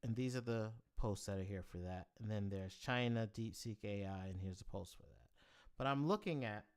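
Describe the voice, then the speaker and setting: A man's voice: lowish voice, moderate pace, clean tone. A man hosting a live stream, ranting about tech news in a heated, profane way. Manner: animated, profane, heated rant with bursts of emphasis. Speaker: livestream host.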